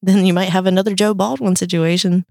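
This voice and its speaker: Low-ish woman from North Carolina, podcast storyteller, dry close sound. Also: fairly even intonation, fast, vocal fry, darkish tone, dry recording. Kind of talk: casual chat, telling a legend.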